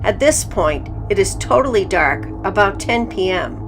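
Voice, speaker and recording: A woman narrating reader-submitted stories in the first person, in an even, matter-of-fact way. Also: mid-range voice, moderate pace, slight background noise.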